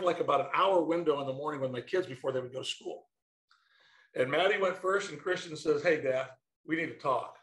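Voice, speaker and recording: A middle-aged man, a former baseball manager, telling stories in a casual interview and quoting his kids in lively bursts. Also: a little high, reverberant, poor audio.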